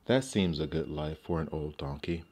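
Guy doing a hopeful old donkey from a storybook, low voice, eager. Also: normal speed, darkish tone.

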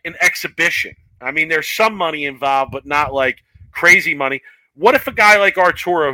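A man co-hosting a casual sports talk show, excitable and quick to laugh, often saying "yo". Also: on the high side, no echo, low-quality recording. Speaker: co-host of a bowling talk show.

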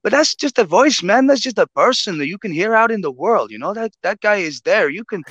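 A man's voice: high voice, animated, brisk, a bit bright, dry recording. A man in casual podcast chat, talking emphatically and swearing freely.

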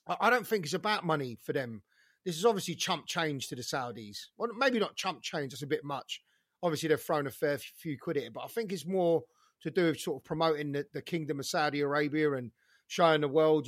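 A man's voice: fairly high pitch, no echo, clean studio sound. A British man co-hosting a boxing chat, laughing easily and swearing, with tags like "innit". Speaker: boxing podcast co-host. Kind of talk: casual chat.

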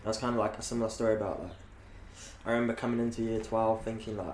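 A man's voice: on the low side, flat delivery, very fast, darkish tone. Laid-back young New Zealand guy. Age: late teens. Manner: laid-back, heavy filler words. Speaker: guest. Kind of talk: casual chat. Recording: echoey room with faint hiss.

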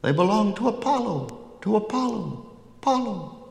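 A male reader voicing a flock of chattering crows in a storybook, giving them a shrill, repetitive caw. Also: sing-song, moderate pace, gravelly, roomy sound, in a large hall, heavily acted. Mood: tattling.

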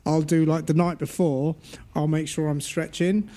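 A man with a slightly raised, warm and mellow voice, chatting on a podcast. He wanders through his thoughts, filling gaps with likes and ums. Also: on the high side, level tone, normal speed. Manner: rambling, lots of likes and ums. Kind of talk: casual chat.

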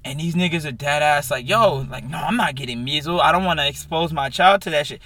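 A man's voice: on the high side, brisk, bright, forceful tone, slight background noise. A young man hosting a podcast, telling profane stories animatedly in casual chat. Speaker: podcast host.

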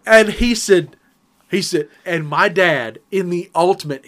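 A man's voice: high voice, a little slow, fairly bright tone. A man on a casual podcast telling a family story, acting out the quotes and laughing often.

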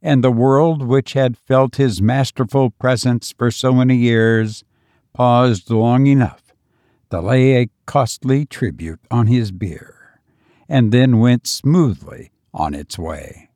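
A man reading a story aloud in measured, solemn scripted narration. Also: mid-range voice, dark tone, no room sound, studio quality. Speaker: audiobook narrator.

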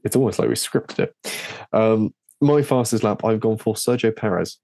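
A man co-hosting a casual podcast chat, joking through quick banter. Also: fairly low pitch, warm tone, no room sound. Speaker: podcast co-host.

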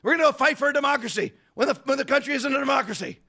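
Male podcast host, very high-pitched, bright pushy tone, rhetorical rants. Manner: rapid, digressive, rhetorical ranting. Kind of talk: political commentary.

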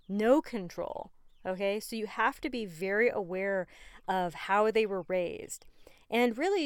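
A woman's voice: mid-range voice, clean tone, dry recording, clean studio sound. A woman hosting a podcast in a casual, rambling, chatty way, with frequent fillers and laughs. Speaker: podcast host. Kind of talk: casual chat.

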